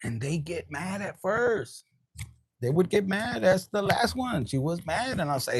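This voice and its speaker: Fields: Sex: man. Role: tarot reader. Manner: candid, profane, joking. Pitch: high. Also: sing-song, moderate pace, slightly rough, no echo. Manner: candid, profane and joking, mixing Spanish words into English. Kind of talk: casual tarot reading livestream.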